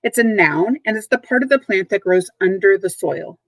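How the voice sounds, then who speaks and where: A woman's voice: mid-range voice, animated, no room sound, poor audio. Patient woman teacher, dry sound. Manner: patient, clear, spells and repeats words slowly. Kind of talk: recorded classroom vocabulary lesson. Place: at home, dogs nearby.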